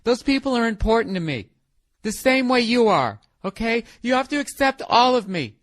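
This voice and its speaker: A man's voice: extremely high pitch, sing-song, normal speed, fairly bright tone, voice pushed up, full character voice. A man voicing a nagging, self-pitying wife who whines and keeps tacking on "okay?". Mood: whiny nagging. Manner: whiny, wheedling, repeats "okay?".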